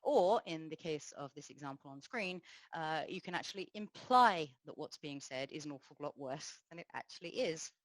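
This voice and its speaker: Low-voiced woman giving a tech talk. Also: expressive, no echo, rough recording. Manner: explanatory, measured, frequent fillers. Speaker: conference speaker. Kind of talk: technical conference talk.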